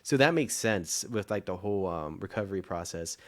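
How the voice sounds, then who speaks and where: A man's voice: sits low, animated, brisk. A man co-hosting a casual TV recap podcast, rambling with lots of "like" and swearing. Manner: rambling, full of fillers and restarts, swears freely. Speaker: podcast co-host.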